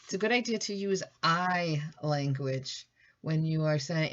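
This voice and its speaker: Low-voiced woman teaching a lesson. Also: a little slow, a bit bright, highs cut off. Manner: conversational, thinking aloud with fillers and restarts. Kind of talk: recorded classroom lesson.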